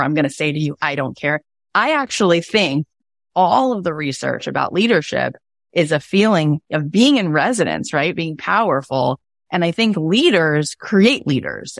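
A woman in her thirties hosting a podcast, giving a casual motivational talk in an earnest, animated way with emphatic repetition. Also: sits low, no room sound, clean studio sound. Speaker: podcast host.

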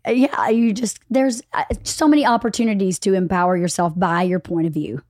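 A middle-aged woman hosts a relaxed podcast chat and tells stories with lively acted-out quotes. Her voice sits at a medium pitch. The recording is dry and close. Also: a little fast, no room sound. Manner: animated storyteller, acts out quotes. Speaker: podcast host. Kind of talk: casual podcast conversation.

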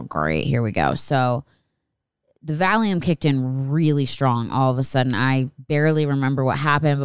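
A woman's voice: rumbling low, clear, resonant tone, no room sound. A woman in her thirties telling a personal story in a candid, rambling way and swearing freely. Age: 30s. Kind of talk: casual storytelling monologue.

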